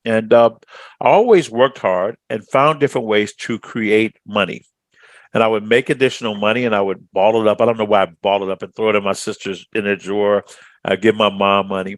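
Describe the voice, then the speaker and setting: Man, middle-aged, from Chicago, interview guest, confident storyteller, rhetorical questions, low-pitched, dry sound. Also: steady tone, a little fast, dry recording. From Chicago, USA. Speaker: guest speaker and trainer. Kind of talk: interview answers.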